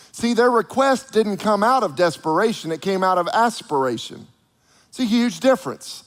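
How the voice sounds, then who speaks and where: High-voiced animated male preacher. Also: moderate pace, long reverb tail. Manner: animated, acts out the voices of people he quotes. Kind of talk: sermon.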